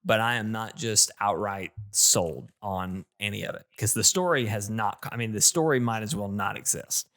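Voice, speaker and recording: A man co-hosting a casual gaming podcast, talking in an animated, ranting way with lots of restarts. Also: lowish voice, normal speed, few pauses. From not British. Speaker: podcast co-host.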